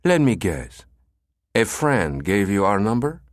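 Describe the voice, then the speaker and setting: A man's voice: lowish voice, big pitch swings, unhurried, dry recording, studio quality. A man voicing a gushing, pushy Spanish salesman who runs an escort service, in an audiobook. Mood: wheedling.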